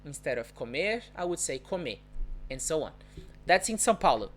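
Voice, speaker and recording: A woman's voice: sits low, sing-song, fast talker. A woman with a Brazilian Portuguese accent, teaching a live-streamed language lesson, patiently explaining and repeating example words. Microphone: phone or webcam on a live stream.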